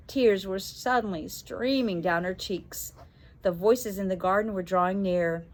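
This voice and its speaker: A woman's voice: mid-range voice, a little slow. Woman reading a children's story aloud. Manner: lively expressive reading, raising her voice for the children's lines.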